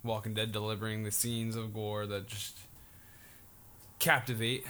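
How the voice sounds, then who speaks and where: A man's voice: lowish voice, little pitch movement, measured pace, bright, forceful tone, slight background noise. A man co-hosting a casual podcast, recapping TV shows in a laid-back way with lots of fillers. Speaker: co-host.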